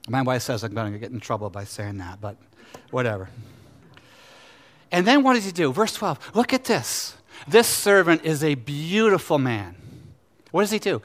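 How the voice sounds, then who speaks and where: A middle-aged pastor preaching in a voice that sits a little high for a man. He is animated and conversational, leaping up in pitch when he voices the people in the story, then dropping low and quiet to make a point. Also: moderate pace. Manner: animated, acts out scripture characters in paraphrase. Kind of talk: sermon.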